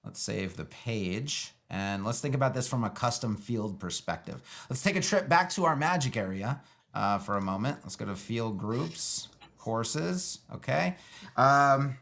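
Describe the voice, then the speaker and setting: Brief: man at mid pitch, laid-back tutorial talker, dry sarcastic asides. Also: lively intonation, unhurried, creaky, a bit bright, slight background noise. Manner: loose, sarcastic, thinks aloud with many fillers. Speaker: web design educator building a page live. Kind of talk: casual live screen-share tutorial.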